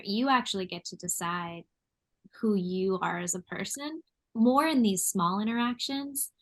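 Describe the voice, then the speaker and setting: Thoughtful American woman, chatty guest. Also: on the low side. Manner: thoughtful, laughs often. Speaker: artist and designer, podcast guest. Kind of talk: casual chat. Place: New York.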